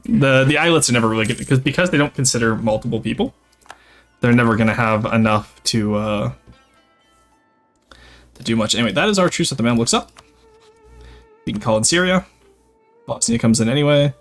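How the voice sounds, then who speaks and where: A man's voice: medium pitch, faint music behind. Man musing aloud over a strategy game. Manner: thinking aloud, halting with fillers. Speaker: streamer. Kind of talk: casual gameplay commentary.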